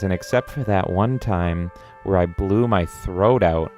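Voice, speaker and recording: Streaming from home, a deep-voiced man chats casually while reading viewer comments aloud, speaking a little slowly. He's excitable and swears, often breaking into loud, silly voices, with soft music playing behind him.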